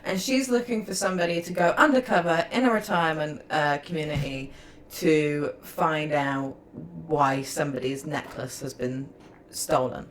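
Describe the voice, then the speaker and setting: A woman, co-hosting a podcast in a casual, animated chat full of storytelling and laughter. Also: low-pitched, normal speed, slight background noise. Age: 30s. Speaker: podcast co-host.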